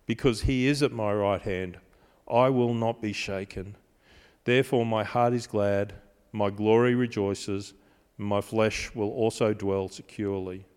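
A man's voice: lowish voice, steady tone, measured pace, a little mellow, clear, resonant tone. A male pastor preaching a sermon with an emphatic, repetitive cadence. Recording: long hall reverb.

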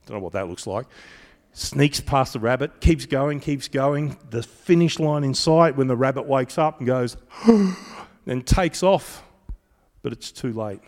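A man preaches a sermon in a conversational, animated manner, breaking into storytelling as he goes. His voice sits in an ordinary middle pitch. The recording carries the long echo of a large hall. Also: a little slow. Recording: reverberant hall.

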